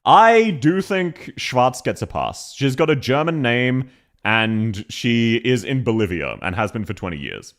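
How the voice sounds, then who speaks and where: A man with an Australian accent giving casual, animated tier-list commentary as a streamer, laughing often and swearing. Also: medium pitch, a little slow.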